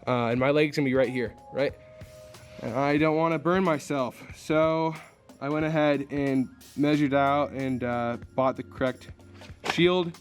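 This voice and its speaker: A man's voice: medium pitch, measured pace, clean tone. Young male DIY vlogger, easygoing, rambling delivery, mid-range voice, faint music underneath. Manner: relaxed, rambling, many fillers. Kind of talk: casual vlog narration.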